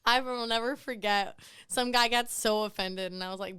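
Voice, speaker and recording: A woman bartender co-hosting a casual podcast, chatty and quick to laugh, often going off on tangents. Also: mid-range voice, a bit bright, clean tone, no room sound, clean studio sound. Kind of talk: casual chat.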